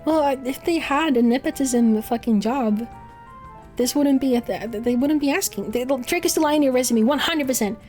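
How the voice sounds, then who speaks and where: Soft music plays behind a woman VTuber whose high voice has a darkish tone and a normal speed. Her livestream chat is casual and rambling, full of swearing and frequent laughs.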